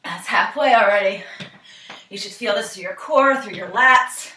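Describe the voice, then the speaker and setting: A woman's voice: medium pitch, normal speed, noisy background. A young woman instructing a cardio workout while exercising along, a little out of breath, encouraging and counting down reps. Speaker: fitness instructor. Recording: echoey room, camera mic from far off.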